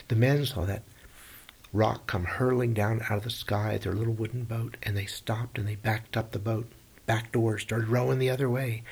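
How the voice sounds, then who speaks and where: Gravelly, husky male storyteller. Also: fairly low pitch. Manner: animated, plain-spoken retelling with folksy phrasing. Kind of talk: oral storytelling of a myth.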